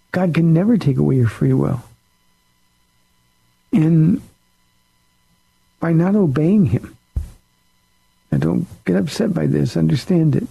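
A man's voice: on the high side, creaky, dark tone, breathy edge, rough recording. A pastor on a call-in radio show, a man answering listener questions in an earnest, plain-spoken way.

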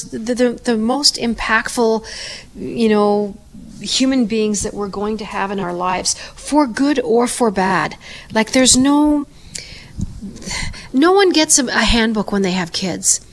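Her voice a little high and her delivery slow, a female podcast co-host recounts stories in casual talk. She's an animated storyteller who acts out what others said.

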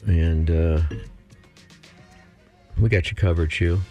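A man's voice: deep voice, fairly even intonation, takes it slowly, dark tone, faint music behind. A man co-hosting a radio show, joking and riffing in casual, mock-boastful banter.

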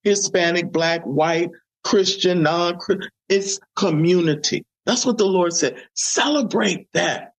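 A woman testifies as an interview guest with a gravelly, husky voice. She talks fervently, repeating her phrases the way a preacher would. Her tone stays conversational the whole time. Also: fairly low pitch, unhurried, rough recording. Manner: fervent, repetitive, preacher-like emphasis. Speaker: guest, community ministry founder.

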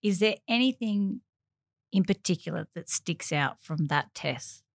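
A woman's voice: lowish voice, expressive, unhurried, no room sound. Woman interviewer, dry close sound. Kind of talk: interview question.

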